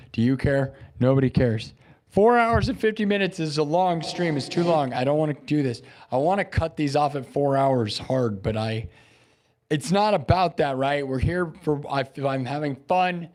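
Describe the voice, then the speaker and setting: A male live streamer giving a boastful, repetitive pep talk to his chat. He swings between loud declarations and quiet musing. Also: fairly high pitch. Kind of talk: livestream sign-off pep talk.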